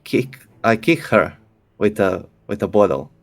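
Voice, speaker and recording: Stammering low-voiced game player. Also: male voice, animated, a little slow. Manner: hesitant, stammering. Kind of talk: playing a tabletop game.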